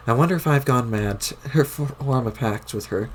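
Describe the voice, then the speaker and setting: A man's voice: mid-range voice, moderate pace, a little hiss or hum, close to an everyday voice. A man voicing a stiff, haughty male troll aristocrat while reading a webcomic aloud, with overly formal wording.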